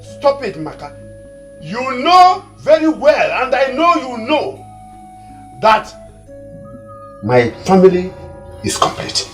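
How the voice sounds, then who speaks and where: A man's voice: on the high side, sing-song, a little slow, faint music behind. A Nigerian man playing a desperate man who pleads and stammers to become king. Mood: angry. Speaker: son and would-be king. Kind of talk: Nollywood film acting.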